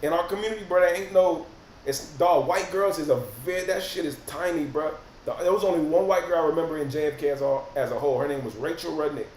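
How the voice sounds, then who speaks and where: A man, hosting a casual livestream and reacting to viewer comments in animated, profane slang. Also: a little high, fast. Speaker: rapper and livestream host. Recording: roomy echo, faint noise.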